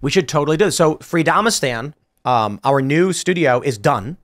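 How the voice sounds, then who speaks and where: A man hosting a podcast panel, arguing points in an animated, storytelling way with frequent restarts. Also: fairly high pitch, moderate pace. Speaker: podcast host. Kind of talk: casual panel debate.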